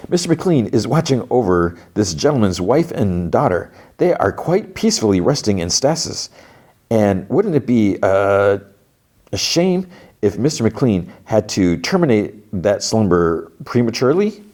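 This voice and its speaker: A man voicing a smooth-talking male salesman who is overly courteous and quietly menacing. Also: on the low side, sing-song, unhurried, voice pushed up. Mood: oily polite.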